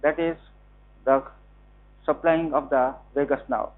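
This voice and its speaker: A man with an Indian English accent giving a classroom anatomy lecture, slowly repeating key terms. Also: mid-range voice, steady tone. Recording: tinny lo-fi classroom recording.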